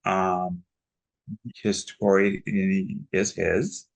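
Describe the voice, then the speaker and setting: A man with a stutter, chatting as an interview guest in halting sentences with many restarts. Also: low voice, level tone, gravelly, rough recording. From Texas, United States. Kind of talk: casual interview chat.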